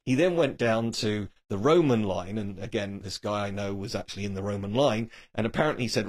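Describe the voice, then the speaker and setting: A man chatting casually about a film, telling behind-the-scenes stories and quoting people with animated shifts. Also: fairly low pitch, brisk, hardly any pauses. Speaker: presenter.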